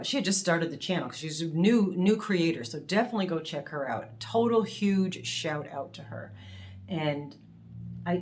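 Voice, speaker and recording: A middle-aged woman with a notably low voice hosts a casual unboxing vlog. She gushes over each item and gets emotional, laughing easily as she talks to her viewers. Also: slight background noise. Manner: gushing and emotional, quick to laugh. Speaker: crafting channel host.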